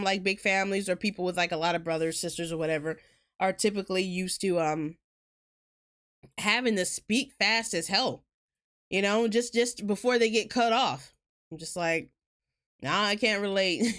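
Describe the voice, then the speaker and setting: A woman with a Southern US accent chatting casually while streaming a game, fast-talking and rambling, laughing often. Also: medium pitch, a bit bright. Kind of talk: casual gaming chat.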